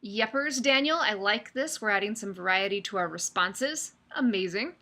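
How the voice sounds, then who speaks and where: A woman's voice: mid-range voice, animated, moderate pace, sharp tone. Upbeat woman teaching an online class. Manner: upbeat, chatty, addresses students by name. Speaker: online course instructor. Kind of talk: live online class lecture.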